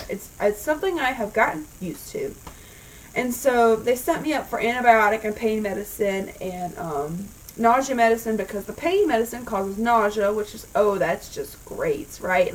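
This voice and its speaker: Exasperated woman vlogger, slightly high voice. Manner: exasperated, rambling, swears freely. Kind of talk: casual storytime vlog. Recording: voice a bit far from the mic.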